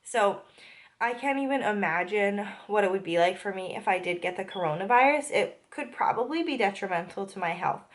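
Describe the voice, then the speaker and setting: A woman's voice: medium pitch, expressive, brisk. A young woman telling a story in a casual vlog, chatty with lots of fillers, a little out of breath from a cold. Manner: chatty, many filler "like"s, indignant retelling. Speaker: vlogger.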